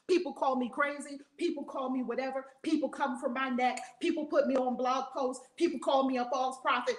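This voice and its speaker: A woman with a high voice preaches a spiritual lesson, blunt and emphatic, hammering her points home by repeating them. She swears freely and drives each line hard. The room around her rings with a roomy echo. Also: steady tone, normal speed, few pauses. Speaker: spiritual teacher and reverend. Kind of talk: fiery preaching-style teaching.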